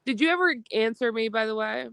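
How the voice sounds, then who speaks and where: A woman's voice: a little high, animated, brisk, creaky, fairly bright tone, smooth, no room sound. A woman co-hosting a livestream, delivering a profane, combative rant with a slightly nasal voice, lying down as she talks. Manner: profane, confrontational, mocks others in put-on voices. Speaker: livestream co-host. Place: lying down at home.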